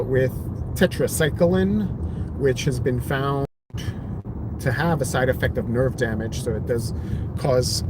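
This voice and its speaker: Against a noisy background, a thirties-aged man with a medium-pitched voice shares his hearing story on a live stream. His talk is casual and meandering, packed with fillers and restarts.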